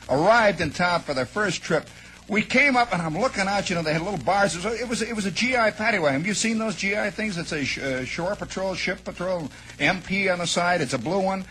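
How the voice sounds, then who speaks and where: A man with a notably high voice spins a rambling, animated yarn, jumping into the shouts and lines of his characters as he goes. He tells it like a spoken radio monologue. A faint hiss sits under the recording. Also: low-quality recording. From American Midwest. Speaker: storyteller.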